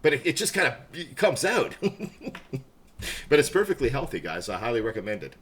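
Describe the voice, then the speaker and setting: A man's voice: mid-range voice, big pitch swings, fairly quick, a bit bright. A middle-aged man chatting casually on a live stream, self-mocking and laughing often.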